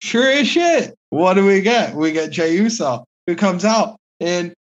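A man's voice: high-pitched, a little slow, highs cut off. A man co-hosting a casual podcast, giving blunt, ranting opinions and swearing freely. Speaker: podcast co-host. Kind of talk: casual podcast review chat.

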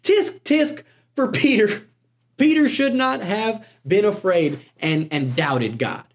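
A prim, finger-wagging churchgoer with a put-on country twang, as a preacher mimics the congregation. The voice rides up high and sharp, tutting and scolding. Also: male voice, animated, slow pace, full character voice. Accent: mock country accent.

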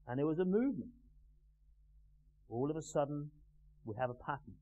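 A man teaching a live class in a measured, emphatic way, pausing and putting questions to the group. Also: fairly high pitch, animated. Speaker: NLP trainer. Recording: tinny phone-like sound with faint hum.

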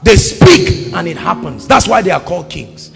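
A man with a Nigerian accent preaching a sermon, moving between quiet talk and loud shouted declarations. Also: sing-song, normal speed, vocal fry, big-room sound, soft background music. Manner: booming, swings from quiet to shouting.

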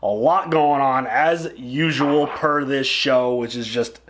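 A man's voice: medium pitch, takes it slowly, a bit bright, a little hiss or hum. A man co-hosting a reaction video, talking in a laid-back, slangy way. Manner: laid-back, slangy, says dude a lot. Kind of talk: casual reaction commentary.

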